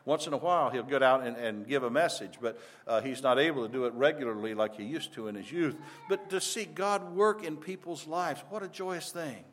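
A man's voice: mid-range voice, brisk, few pauses, a bit bright. Older man preaching a plain, earnest sermon. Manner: earnest, conversational preaching with frequent restarts. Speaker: pastor.

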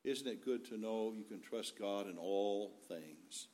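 A man's voice: fairly low pitch, a little slow, darkish tone. A man preaching a sermon in an earnest, folksy way, weaving in scripture.

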